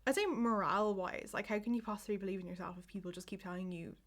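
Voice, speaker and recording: A woman's voice: mid-range voice, fairly even intonation, fast talker. A woman co-hosting a podcast, chatting casually and rambling with many "like"s and "um"s. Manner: rambling, full of "like" and "um". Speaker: podcast co-host. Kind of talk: casual chat.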